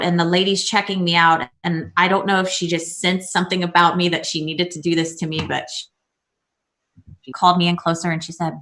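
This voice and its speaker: A woman with a low, bright, forceful voice chats casually over a video call. She tells stories with animation and acts out the people in them, shifting her voice for each quote. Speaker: guest.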